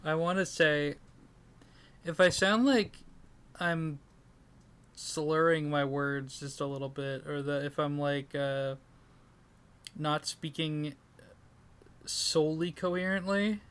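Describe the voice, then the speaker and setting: A sleep-deprived man co-hosts a comedy podcast in a slightly high, smooth, clear voice. He rambles in self-deprecating asides and often breaks into laughter. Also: steady tone, takes it slowly, long pauses, a bit bright. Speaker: podcast co-host. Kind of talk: casual comedic chat.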